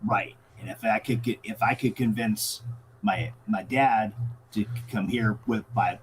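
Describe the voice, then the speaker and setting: A man co-hosting a casual movie podcast, mostly giving short agreements and quick asides. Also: on the low side, slight background noise. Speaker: podcast co-host. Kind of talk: casual movie recap chat.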